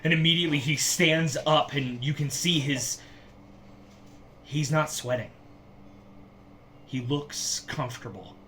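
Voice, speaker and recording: A man narrating a tabletop game as game master, describing scenes slowly and vividly. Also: fairly high pitch, pushed and bright, slight background noise.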